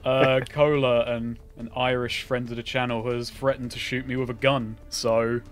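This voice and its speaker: A man's voice: medium pitch, level tone, moderate pace, faint music behind. A man hosting a casual stream chat, making dry, self-deprecating jokes. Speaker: streamer host.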